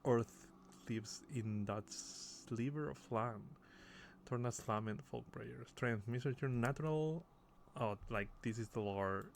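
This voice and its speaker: Male gamer, mid-range voice, unhurried casual commentary that reads out game text, with faint background noise. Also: mid-range voice, vocal fry. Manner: reads on-screen game text aloud, chuckling often. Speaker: gamer playing on video.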